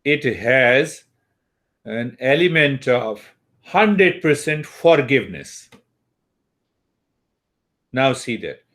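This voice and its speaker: Slow-spoken man teaching meditation. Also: mid-range voice, lively intonation, fairly bright tone. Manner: slow, meditative, with long pauses; uses Sanskrit terms. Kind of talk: spiritual teaching talk.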